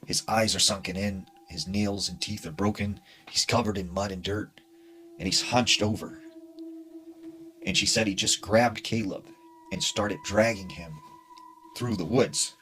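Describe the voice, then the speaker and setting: A man narrating a spooky true story in a hushed, dramatic way with casual fillers. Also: lowish voice, fairly even intonation, unhurried.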